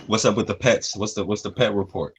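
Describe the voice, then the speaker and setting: A man's voice: fairly low pitch, steady tone, brisk, background noise. A man co-hosting a radio show, joking around and repeating lines for emphasis. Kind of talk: casual profane chat.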